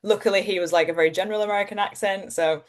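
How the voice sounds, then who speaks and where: A young woman with a soft Yorkshire accent, chatting as an interview guest, animated and comedic, laughing often. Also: medium pitch, rapid-fire. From Yorkshire, England. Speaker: actor and presenter, guest. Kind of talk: casual interview chat.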